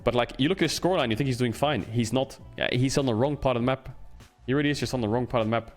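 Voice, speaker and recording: A man's voice: mid-range voice, fast talker, soft background music. A man streaming casual game commentary, ranting and swearing, with lots of emphatic repetition.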